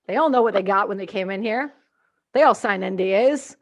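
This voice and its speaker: A Canadian woman hosts a casual podcast, speaking a little fast in a medium-pitched voice. She's an animated storyteller who acts out what people said, with her volume swinging loud.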